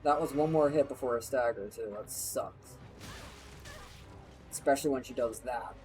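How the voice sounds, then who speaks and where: A man's voice: medium pitch, moderate pace, a little mellow, soft background music, poor audio. A man streaming a game, chatting casually in a crude, rambling way and swearing often. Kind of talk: casual gameplay banter.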